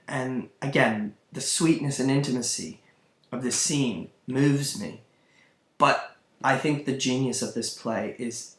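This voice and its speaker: A male literature lecturer who talks slowly and thoughtfully, pausing to search for words and circling back on himself. His voice sits at an ordinary pitch and carries a noticeable roomy echo. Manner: thoughtful, searching, with fillers and restarts. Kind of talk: recorded lecture.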